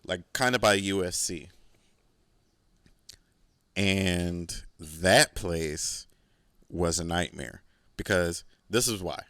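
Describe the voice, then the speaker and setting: A man's voice: low-pitched, slow, long pauses, bright, forceful tone, no echo. A man hosting a podcast, telling a rambling, profane story in a casual solo monologue. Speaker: podcast host.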